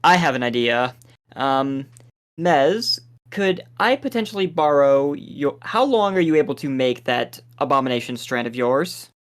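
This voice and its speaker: A man who is a player in a tabletop game, speaking in a measured, thoughtful way. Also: mid-range voice, expressive, a bit bright. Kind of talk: tabletop role-play chat.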